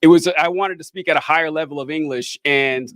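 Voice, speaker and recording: A man's voice: on the high side, fairly quick, fairly bright tone, no room sound. Rambling man, dry close sound. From American South. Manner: rambling, self-interrupting, laughs often. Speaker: podcast host. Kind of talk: casual chat.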